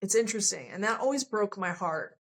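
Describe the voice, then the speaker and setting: A woman's voice: medium pitch, lively intonation, a little fast. A woman sharing a personal love story as a podcast guest, candid and emotional, often quoting what others said to her.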